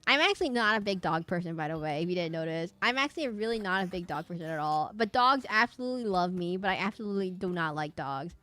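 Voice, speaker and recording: A woman's voice: on the low side, animated, fast, hardly any pauses, fairly bright tone. A young woman chatting casually while streaming a game, rambling and giggling with lots of restarts and asides.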